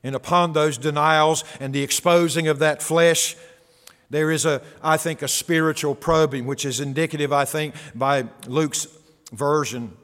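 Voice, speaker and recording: A male preacher delivers an expository sermon in an earnest, emphatic manner, driving his main points home by repeating them. His voice sits fairly high for a man. A long reverb from the church sanctuary trails behind him. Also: steady tone, a little slow, fairly bright tone.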